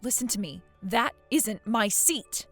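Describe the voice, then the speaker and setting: A woman voicing a calm, put-upon daughter-in-law in a voiced story drama, patient but exasperated. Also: mid-range voice, unhurried, soft background music.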